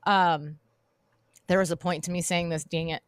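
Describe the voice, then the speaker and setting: A woman's voice: on the low side, fairly even intonation, moderate pace, clear, resonant tone, dry recording. Chatty woman co-host, dry sound. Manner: chatty, rambling storyteller with restarts. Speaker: podcast co-host. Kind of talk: casual chat.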